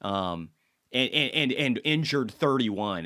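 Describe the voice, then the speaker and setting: A man's voice: on the low side, expressive, normal speed, a bit bright. A man hosts an informal video about stocks and the economy. He speaks bluntly and swears freely, sometimes stopping to apologize for drifting off topic. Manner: blunt and profane, apologizes for tangents. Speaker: market commentary host. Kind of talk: casual market commentary vlog.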